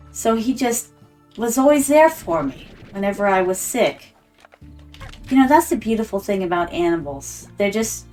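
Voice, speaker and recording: A woman's voice: medium pitch, darkish tone. A woman streamer chatting casually and telling a story while she plays a game, acting out the voices of the people in it. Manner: chatty, acts out quoted voices. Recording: slightly distant mic with background music.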